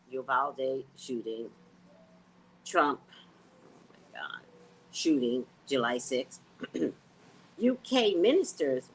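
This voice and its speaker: A woman's voice: deep voice, slight background noise. A woman psychic hosting her own vlog, rambling bluntly and casually. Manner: animated, blunt, sings and repeats phrases.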